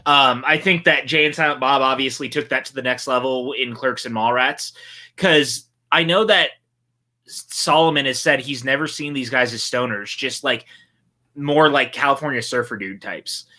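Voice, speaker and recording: A man's voice: medium pitch, normal speed, sharp tone. A man co-hosting a casual movie watch-along stream, chatting and reading out viewer comments. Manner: chatty, reads viewer chat aloud. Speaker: podcast co-host.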